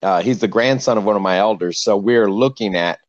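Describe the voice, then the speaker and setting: A man's voice: on the low side, brisk, dry recording. A man, a pastor calling in to a show, telling a story in an easygoing, chuckling way. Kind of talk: casual call-in chat. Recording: dull, dry call-in line.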